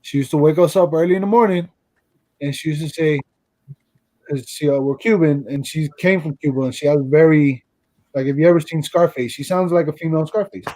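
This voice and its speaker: High-voiced man telling a funny story. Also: a little fast, mellow, dry recording, low-quality recording. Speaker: channel host. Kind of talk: casual livestream chat.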